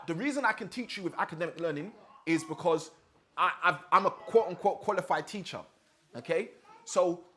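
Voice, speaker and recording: High-voiced man teaching a group. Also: sharp tone. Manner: asks the audience questions often. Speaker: teacher leading a faith session. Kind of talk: interactive teaching session.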